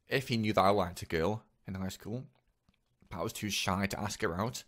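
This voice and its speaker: Low-voiced young man, halting. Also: a bit bright. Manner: halting, hesitant, many pauses and restarts. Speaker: vlogger. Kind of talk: personal confessional monologue.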